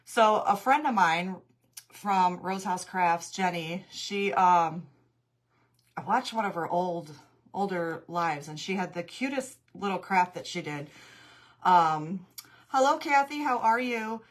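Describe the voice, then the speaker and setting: A woman's voice: lowish voice, expressive, takes it slowly. A middle-aged woman chats through a home craft livestream. She greets each viewer by name and laughs easily, a little out of breath. She is recorded on a tablet mic in her craft room. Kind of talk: casual livestream chat.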